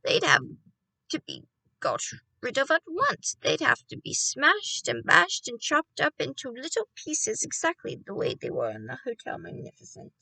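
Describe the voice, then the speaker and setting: A fierce old grandmother, thrilled and loud, lands every word with bold emphasis, put on by a woman reading a storybook. Her voice swings widely from high to low and has a gravelly edge. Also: huge pitch swings, normal speed, no room sound, distant mic, exaggerated voice, rough recording. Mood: excited. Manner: emphatic, exclaiming.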